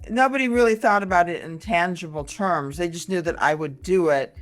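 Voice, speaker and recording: A woman in her sixties, from Michigan, talking as a comedian guest in a casual interview, animated and full of quick asides and restarts. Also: on the low side, faint music behind. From Michigan, USA. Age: 60s.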